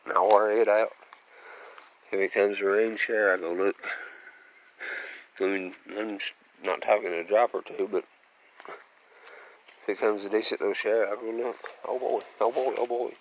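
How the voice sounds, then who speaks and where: A man's voice: lowish voice, steady tone, moderate pace, long pauses, low-quality recording. A man from Western North Carolina, talking casually in a rambling, folksy vlog and chuckling often as he goes along rural roads. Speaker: vlogger.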